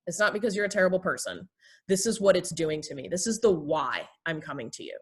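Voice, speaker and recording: A woman therapist and pastor teaching basic communication skills in a relaxed talk, acting out short everyday examples. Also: lowish voice, fairly quick, breathy edge. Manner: explains with acted everyday examples.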